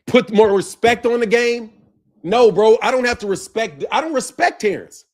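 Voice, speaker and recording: A high-voiced man delivers a fired-up rant on his boxing channel. He is confrontational and profane, circles back on the same points again and again, and talks straight at his target. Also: a little slow. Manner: heated, confrontational, profane, repeats himself. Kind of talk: ranting commentary to camera.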